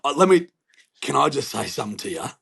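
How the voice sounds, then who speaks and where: A young Australian man chatting on a podcast, his voice gravelly and a little husky. He tells stories playfully, swearing freely and bouncing through his words. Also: medium pitch, sing-song, fast talker, a bit bright. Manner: playful, alliterative, swears often, acts out voices. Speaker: podcast co-host. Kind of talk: casual chat, storytelling.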